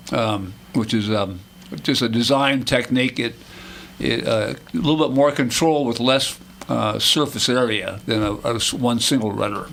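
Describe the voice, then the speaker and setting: A man who is a regular expert on a radio show, explaining technical details in a measured way. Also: medium pitch, gravelly, fairly bright tone, slight background noise.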